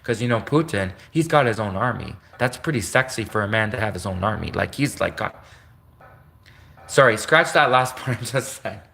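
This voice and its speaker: A man's voice: fairly low pitch, animated, normal speed, gravelly, pushed and bright, a little hiss or hum. Give me an indignant man ranting on a livestream, rambling and joking as he goes. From Canada.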